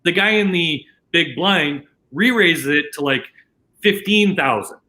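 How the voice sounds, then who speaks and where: A Canadian man with a bright, forceful voice, sitting slightly above the usual male pitch. He tells a poker story in casual podcast chat, tumbling through restarts and quoted lines as the tale unfolds. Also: unhurried, low-quality recording. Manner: animated anecdote telling with many restarts and quoted dialogue. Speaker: casino dealer, podcast guest.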